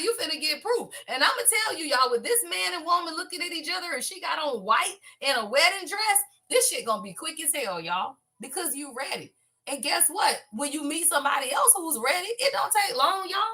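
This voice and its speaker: Woman, tarot reader, high lively voice, profane, hype energy. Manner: excitable, profane, laughs and exclaims often; talks straight to viewers as y'all. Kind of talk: casual tarot reading to camera.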